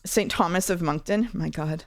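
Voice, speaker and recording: A woman with a fairly low voice, speaking at normal speed, hosts a stream where she and a guest play music guessing games. She's playful, giggly and jokey throughout the casual chat.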